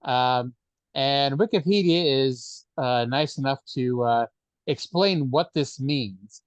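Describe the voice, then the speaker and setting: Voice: mid-range voice, slow, dry recording. Dry, hesitant podcast co-host, muffled sound. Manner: dry, hesitant, lots of fillers. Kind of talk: casual chat.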